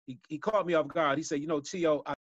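A man's voice: fairly high pitch, fast, no echo. A man from Chicago telling street stories as a guest speaker on a webinar, folksy and chuckling as he goes. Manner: folksy storyteller, laughs at his own tales. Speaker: violence prevention guest speaker. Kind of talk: storytelling on a webinar. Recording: dull dry video call audio.

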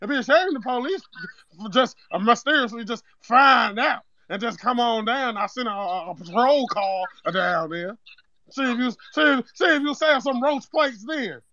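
A man's voice: extremely high pitch, animated, moderate pace, bright, forceful tone, no room sound, full character voice. A man voicing an irate young male customer with a put-on accent in a prank call, threatening and demanding in street slang. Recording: muffled phone-call recording.

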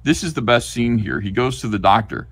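A man's voice: mid-range voice, fairly quick, husky, no echo. A man hosting a casual comic review stream, talking animatedly and reading panels aloud. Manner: animated, reads comic dialogue aloud in acted voices. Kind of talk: casual chat on a livestream.

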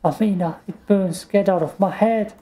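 A weary young heroine witch, read aloud by a man in a raised voice. She speaks gently, with a mellow, soft-edged tone. The pitch sits well above an ordinary male voice. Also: steady tone, normal speed, gravelly. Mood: pained.

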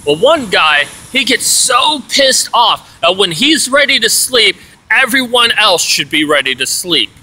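A man's voice: sits high, very animated, measured pace, sharp tone, poor audio. A man telling an aggrieved story in a rambling, casual rant, full of "you know"s. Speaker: vlogger.

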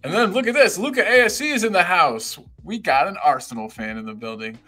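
A man's voice: sits high, animated, brisk, sharp tone. A man co-hosting a live podcast stream, upbeat and reading out viewer comments and greeting people by name. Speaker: podcast co-host.

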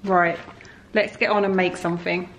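A woman's voice: lowish voice, flat delivery, moderate pace, fairly bright tone. A woman chatting casually in her home kitchen, filming a homely, rambling vlog. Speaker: vlogger. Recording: echoey kitchen, clear background noise.

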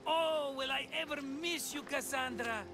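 An actor playing a flamboyant, theatrical middle-aged schemer in a video game cutscene. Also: male voice, very high-pitched, unhurried, over music. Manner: theatrical, boastful. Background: game score.

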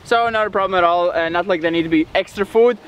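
A man's voice: sits high, fast talker, smooth, low-quality recording. A man in his twenties on a snowy farm, explaining things in an easygoing way with many fillers. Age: 20s. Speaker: vlogger. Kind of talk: casual vlog talk.

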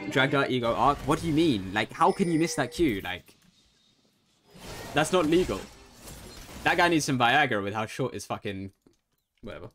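A young man with an ordinary mid-range voice talks through his ranked match, cursing freely and flipping between chatter and quick play-by-play. He sometimes jumps up into excited yells. Faint music plays behind him. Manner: bursts into excited high outbursts. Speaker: gamer streaming ranked play. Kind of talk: casual gameplay commentary.

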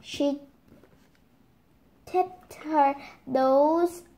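A young girl reads a picture book aloud at home, sounding each word out with small stumbles. Her voice is high and her pace very slow. The room around her is echoey. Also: mellow. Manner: slow careful reading with stumbles and apologies. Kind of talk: reading a storybook aloud.

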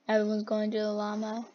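A young person giggling and gasping while reacting to game clips in a try-not-to-laugh challenge. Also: female voice, medium pitch, mellow, highs cut off. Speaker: video reactor.

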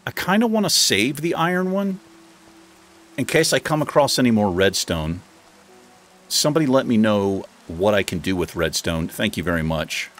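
A man casually narrating his own game as he plays, chatting to the animals and now and then jumping into high, excited bursts. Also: moderate pace. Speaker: gaming host. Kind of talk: casual let's play commentary.

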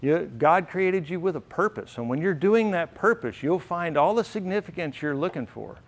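A middle-aged man speaks at a banquet hall, telling stories earnestly and from the heart. His voice sits a little higher than most men's. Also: animated, normal speed. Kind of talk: storytelling speech.

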